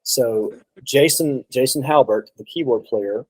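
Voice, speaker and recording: A man's voice: mid-range voice, measured pace, darkish tone, husky, no echo, low-quality recording. A man telling a long road story in a casual chat, rambling, with many restarts and quoted asides. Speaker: guest drummer.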